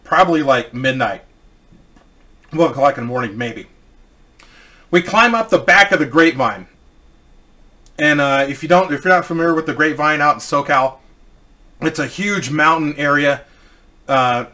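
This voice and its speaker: A man's voice: medium pitch, bright, forceful tone. A man casually telling a personal story, rambling and swearing, with many restarts.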